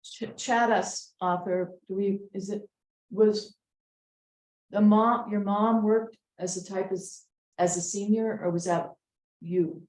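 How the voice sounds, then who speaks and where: A woman's voice: mid-range voice, steady tone, slow pace, darkish tone. Teacher woman in an echoey room. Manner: patient, reads sentences aloud repeatedly to test commas. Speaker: writing teacher. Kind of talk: editing a student essay aloud in class.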